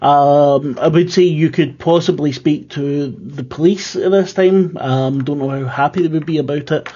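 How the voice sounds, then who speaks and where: A man's voice: fairly high pitch, normal speed, dark tone, slightly rough, lo-fi sound. A man running a tabletop horror game as keeper, talking casually with lots of fillers and restarts. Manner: rambling, filler-heavy, self-deprecating.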